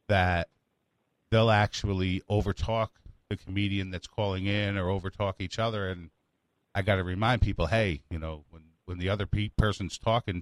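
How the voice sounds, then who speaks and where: A man hosting his own comedy talk show, chatting in a relaxed, rambling, self-deprecating way. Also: deep voice, no echo. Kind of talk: casual chat.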